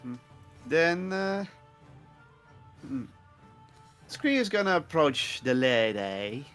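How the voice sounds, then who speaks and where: Slow, lively-pitched male player. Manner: hesitant, thinking aloud. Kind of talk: casual tabletop play. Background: faint music.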